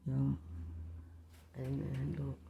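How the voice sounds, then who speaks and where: Vlogger, gravelly voice, casual rambling chat, swears often, talks to viewers, phone mic, at home. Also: medium pitch, completely flat delivery, extremely slow, muffled recording, heavy background noise. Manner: profane, rambling, addresses viewers as y'all. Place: at home, near a street.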